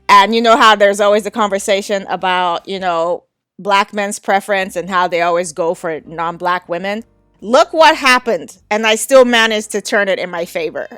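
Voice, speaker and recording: A woman's voice: medium pitch, a bit bright, dry recording. Woman podcast host, 30s, candid storyteller, dry mic with faint music. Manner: candid, frank, laughs often. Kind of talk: casual storytelling.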